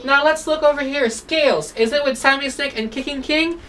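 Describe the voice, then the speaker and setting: A woman teaching a phonics lesson to children, sounding out words slowly and asking "okay?" after nearly every line, coaxing and gently scolding. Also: sits high, recorded from a distance, a little hiss or hum, low-quality recording. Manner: slow, drawn-out sounds, repeats "okay?" often; coaxing, mildly scolding when children drift.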